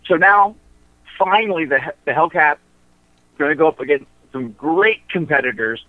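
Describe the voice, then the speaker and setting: A man calling in to a radio show, talking through wrestling matchups in a halting way, with lots of fillers and restarts. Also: on the high side, lively intonation, no echo. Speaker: wrestling promotion insider guest. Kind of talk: casual radio chat. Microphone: phone. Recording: tinny phone line.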